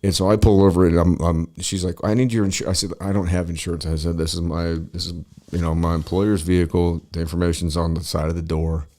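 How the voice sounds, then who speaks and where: A man's voice: deep voice, level tone, fast talker, darkish tone. A man in his forties telling a rambling, profane story in casual chat, full of fillers and restarts. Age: 40s. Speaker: podcast host.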